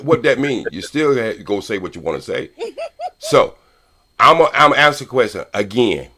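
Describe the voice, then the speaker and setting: Older man, animated and profane. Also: medium pitch, moderate pace. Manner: loud, profane, repeats himself for emphasis. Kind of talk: heated podcast debate.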